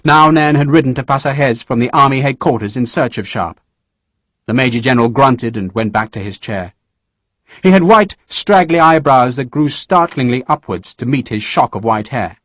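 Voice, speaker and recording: A man narrating a historical novel audiobook in a measured storytelling manner. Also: mid-range voice, animated, a bit bright, no echo, studio quality. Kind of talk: scripted narration.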